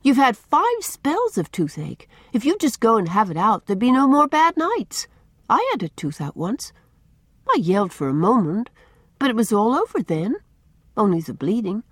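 A woman's voice: on the high side, sing-song, normal speed, dry recording, studio quality, pitched above the performer's own voice. A woman voicing a bold, self-assured young girl with a lofty, airy, matter-of-fact manner.

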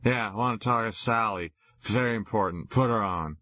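A man voicing a drunk teenage boy who yells and pleads into a phone, on a dull lo-fi recording. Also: lowish voice, moderate pace, dry recording. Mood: drunk, pleading. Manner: slurring, loud and pleading.

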